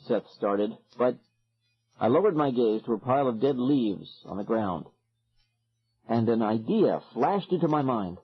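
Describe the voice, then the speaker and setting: A man narrating a horror audiobook in the first person, in a dramatic, expressive way. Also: medium pitch, unhurried, breathy edge, highs cut off.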